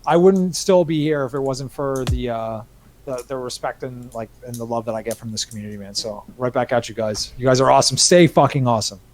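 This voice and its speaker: A man's voice: medium pitch, brisk. A man, a podcast guest, talking casually and enthusiastically, with some swearing. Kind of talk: casual chat.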